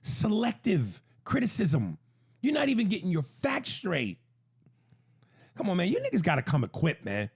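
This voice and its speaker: A man co-hosting a podcast, reading out and mocking a listener email in loud, crude casual banter. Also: normal speed, husky. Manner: loud, animated and crude, jumps pitch for emphasis. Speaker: podcast co-host.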